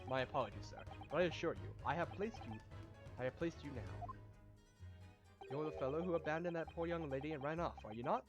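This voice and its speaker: A man's voice: fairly high pitch, fast talker, dull audio, music in the background, lightly acted. A man playing a flamboyant male Victorian detective in a game read-through, with a theatrical, grandiose manner. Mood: breezy.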